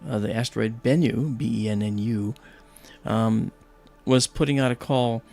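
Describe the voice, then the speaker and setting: Livestream host guy, gravelly voice, chatty, lots of ums, faint music behind. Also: medium pitch, moderate pace, mellow. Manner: chatty, many fillers, enthusiastic about space. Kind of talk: casual storytelling.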